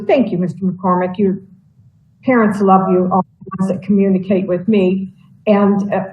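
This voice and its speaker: A woman's voice: medium pitch, reverberant, lo-fi sound. A woman on a school board, raising questions hesitantly and stammering with many fillers.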